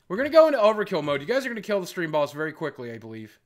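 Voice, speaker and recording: A middle-aged man chatting and joking with his viewers on a live stream, teasing them and swinging between loud and quiet. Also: on the high side, big pitch swings, very fast, hardly any pauses. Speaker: livestreamer. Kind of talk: casual live-stream chat.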